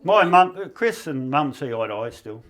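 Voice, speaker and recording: A man's voice: a little high, sing-song, moderate pace, noisy background. A middle-aged man with an Australian accent doing a stand-up set in a backyard shed, rambling through stories and laughing at his own jokes. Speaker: stand-up comedian. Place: backyard shed gig with a small live audience.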